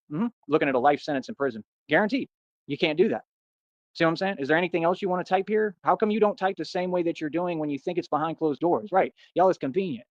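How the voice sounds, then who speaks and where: Defiant guy going off at his chat, pitched a bit high, dull muffled audio. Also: dry recording. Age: adult. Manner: boastful, combative, defiant. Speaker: livestreamer answering chat. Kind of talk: ranting live stream.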